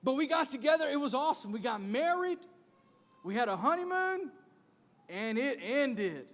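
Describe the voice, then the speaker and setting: A man in his thirties, a pastor preaching an animated sermon with punchy repeated refrains. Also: extremely high pitch, moderate pace. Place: church sanctuary. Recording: long reverb of a church hall.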